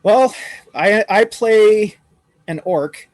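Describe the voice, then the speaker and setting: A man from Ireland talks as a podcast guest, his voice sitting a touch high. He is easygoing and laughs often. The sound is dry and close. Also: drawn-out words, no echo. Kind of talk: casual chat.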